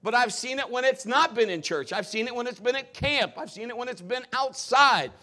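A middle-aged man preaching to his congregation, swapping sermon points for funny personal stories. His voice sits high and rings bright and forceful. He talks like an animated storyteller who likes to joke. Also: a little fast. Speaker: pastor.

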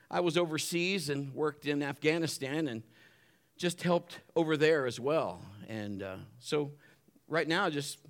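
A talking dog in a spoken joke, calm and understated, with a man putting him on. He lists his deeds in an even, unhurried way, as if it were nothing special. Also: on the high side, close to an everyday voice. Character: talking dog, modest male storyteller.

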